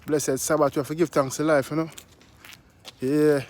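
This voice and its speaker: A man's voice: fairly high pitch, flat delivery, normal speed, darkish tone. A man with a Jamaican accent, hosting a casual vlog outdoors, laid-back and preachy, greeting passersby and tagging his sentences. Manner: laid-back, preachy, repeats "you see me" tags. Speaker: vlogger host.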